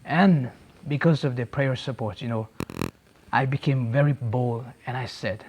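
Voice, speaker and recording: A young man giving an earnest personal faith testimony, halting and repeating himself, with many "you know"s. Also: medium pitch, darkish tone, husky, highs cut off. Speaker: testimony speaker.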